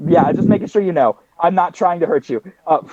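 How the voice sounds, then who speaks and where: High-voiced man playing a tabletop game. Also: a little fast, mellow, slightly rough, no echo, dull audio. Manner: talkative, slips into in-character speech. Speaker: player. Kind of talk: casual tabletop role-play.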